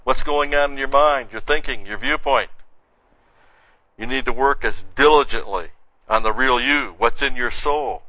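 Bright-toned male preacher, lo-fi. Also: medium pitch, moderate pace, no room sound. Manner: conversational preaching with frequent "see" and "you know". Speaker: pastor. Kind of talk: sermon, verse-by-verse Bible teaching. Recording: dull, muffled lo-fi sound.

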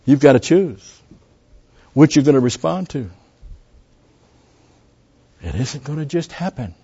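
A man's voice: mid-range voice, sing-song, slow, pauses often, slightly rough. A man preaching a sermon, teaching through scripture and leaning hard on key words to stress them. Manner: emphatic, surges louder on key words; teaching, with fillers and restarts. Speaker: pastor. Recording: dull, lo-fi recording.

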